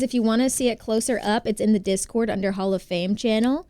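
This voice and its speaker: Bubbly American woman streamer, crisp dry voice. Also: mid-range voice, fast, few pauses, dark tone, no room sound. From United States. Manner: bubbly, chatty, greets viewers by name. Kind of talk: casual live-stream chat.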